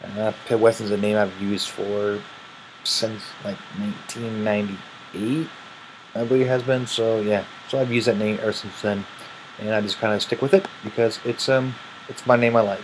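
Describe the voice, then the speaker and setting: A tired man with a Midwestern American accent and a fairly low voice. He rambles in a loose, casual way and yawns between words. A faint hiss runs under the recording. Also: fairly even intonation, moderate pace. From Illinois, raised in Missouri. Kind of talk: casual vlog, answering questions.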